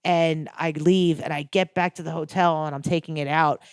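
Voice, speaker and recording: A woman on a comedy podcast, telling a story in a brash, profane, animated way on a close microphone. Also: sits low, moderate pace, clean tone, no echo. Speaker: comedian guest. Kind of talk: casual podcast chat.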